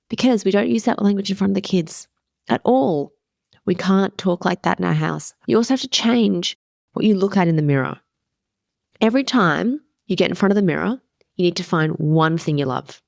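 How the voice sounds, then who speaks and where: A woman's voice: mid-range voice, normal speed, gravelly, darkish tone, no echo, clean studio sound. A woman in her thirties hosting a casual motivational podcast as a wellness coach, candid and emphatic, swearing casually.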